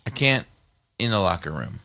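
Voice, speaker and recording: A man's voice: low-pitched, animated, normal speed, sharp tone. A man co-hosting a movie podcast in casual chat, cursing and talking with enthusiasm. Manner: profane, enthusiastic. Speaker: podcast co-host.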